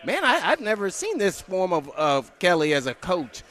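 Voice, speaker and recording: Bright, rambling radio co-host. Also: male voice, high-pitched, huge pitch swings, normal speed. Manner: rambling, repeats words, laughs often. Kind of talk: casual sports talk.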